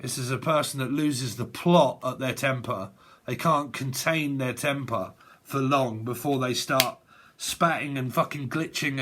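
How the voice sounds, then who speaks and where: A man's voice: medium pitch, a bit bright. A man giving a casual tarot reading, rambling and swearing, often breaking into laughter. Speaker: tarot reader.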